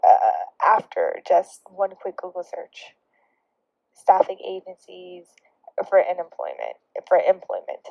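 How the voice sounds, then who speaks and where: Her voice sits fairly low, with vocal fry and an animated but measured pace, as this young woman vlogger tells a casual, sarcastic story. She laughs and drops into whispered asides, recorded dry and dull on lo-fi gear.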